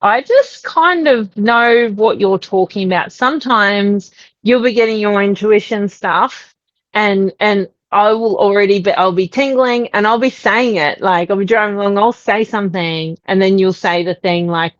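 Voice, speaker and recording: Animated Australian woman telling stories. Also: mid-range voice, moderate pace, dry recording, lo-fi sound. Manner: animated storyteller, quoting herself in lively voices. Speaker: podcast guest. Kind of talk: conversational interview.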